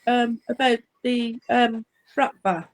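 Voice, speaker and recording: A woman's voice: fairly high pitch, steady tone, takes it slowly, poor audio. A woman author describing her book series with enthusiasm and some rambling. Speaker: author guest. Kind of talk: casual chat.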